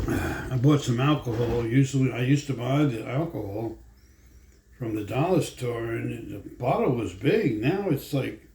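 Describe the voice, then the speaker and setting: Sitting in a room at home, a vlogger talks in a mellow, gravelly voice of medium pitch, wandering through stories in a casual, rambling, folksy manner. Slight background noise and faint ambience fill the echoey space.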